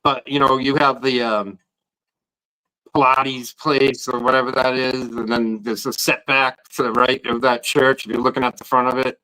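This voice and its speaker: A guest protester on a casual podcast chat rambles about protesting outside a court, often restarting sentences and repeating words as he begins them. His medium-pitched voice barely moves in pitch, with normal speed and a sharp tone, and the recording is rough.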